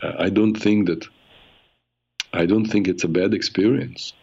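A man hosting a call-in advice show, speaking earnestly and reflectively with frequent halting restarts. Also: deep voice, steady tone, a little mellow. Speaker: radio show host and therapist. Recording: muffled radio broadcast sound.

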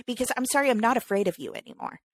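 A woman's voice: a little high, big pitch swings, very fast, dry recording. A woman co-hosting a casual podcast, talking in an emphatic, ranting way. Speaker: podcast co-host.

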